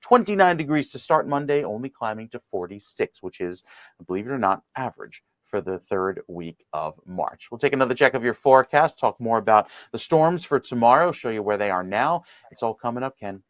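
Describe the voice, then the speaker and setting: A man delivering a TV weather forecast with smooth presenter emphasis. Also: lowish voice, big pitch swings, fairly quick, no room sound. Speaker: meteorologist.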